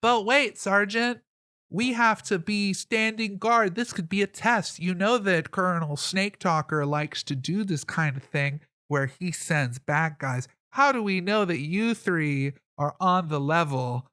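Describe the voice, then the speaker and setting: A man voicing a suspicious young rebel guard who calls out loudly and anxiously. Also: high voice, huge pitch swings, slow pace, hardly any pauses, no room sound, studio quality, pitched above the performer's own voice, heavily acted. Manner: loud, anxious, pleading.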